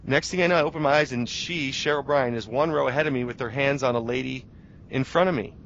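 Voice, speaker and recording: A man's voice: mid-range voice, quick pace, a bit bright, a little hiss or hum. A man in his thirties, a journalist guest in a casual radio interview, telling a story animatedly with restarts. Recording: dull lo-fi radio audio.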